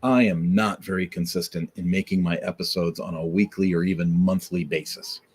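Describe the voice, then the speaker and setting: Man, podcast host, deep husky voice, encouraging, repeats himself, live stream talk. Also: fairly even intonation, normal speed, darkish tone. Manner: earnest, encouraging, repeats key advice. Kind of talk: casual motivational talk to camera.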